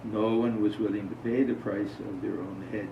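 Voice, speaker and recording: A fairly low, gravelly male voice holds a steady tone at a moderate pace, with background noise present. In an informal spiritual talk to a small gathering, he recounts stories and asks his listeners questions conversationally. The sound is distant, dull and roomy.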